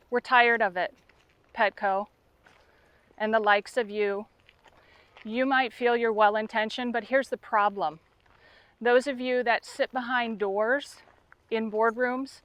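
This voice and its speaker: A woman speaks straight to her listeners as a dog trainer, impassioned and openly emotional. Her voice sits a little high for a woman. The sound is dry and close, with no room echo. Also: fairly bright tone. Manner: impassioned and emotional, addressing critics directly. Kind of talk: direct-to-camera appeal.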